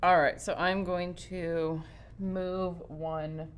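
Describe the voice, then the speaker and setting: A woman playing a board game with friends, thinking out loud about her moves, hesitating and restarting. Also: lowish voice, level tone, extremely slow. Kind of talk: casual play and chat.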